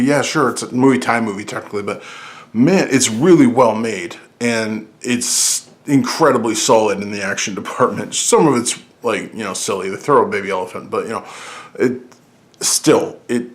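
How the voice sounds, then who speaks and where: Excited rambling man talking movies. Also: on the low side. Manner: excited, rambling, frequent restarts and fillers. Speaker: podcast host. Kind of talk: casual movie-list talk.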